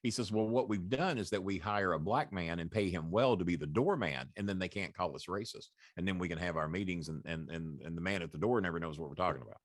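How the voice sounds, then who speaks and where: A man's voice: sits low, fast, few pauses, no room sound, clean studio sound. A middle-aged man from the southern United States, a guest telling his stories in casual talk: blunt, profane, laughing through his tales. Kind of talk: casual storytelling. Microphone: podcast call.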